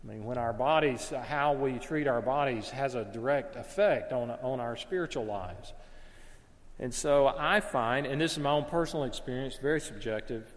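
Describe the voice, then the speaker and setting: A man's voice: mid-range voice, moderate pace, long reverb tail. A man preaching a sermon in an earnest, conversational way, sometimes stopping to correct himself. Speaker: pastor.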